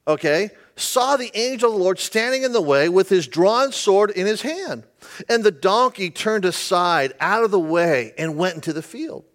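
A man's voice: high voice, a bit bright. A male pastor giving a humorous, conversational sermon, often asking the audience questions.

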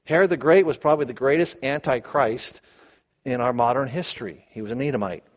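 A man teaching the Bible verse by verse, animated, asking his listeners questions and acting out the quotes. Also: mid-range voice, fairly quick. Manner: animated, asks the audience questions, acts out quotes.

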